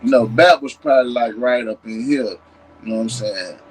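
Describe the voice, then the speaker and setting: A man with a Tennessee accent showing off maps and artifacts in a casual vlog, animated and emphatic, breaking into shouts. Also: medium pitch, normal speed, a little hiss or hum, low-quality recording. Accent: Southern US, Tennessee. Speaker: history vlogger. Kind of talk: excited casual show-and-tell.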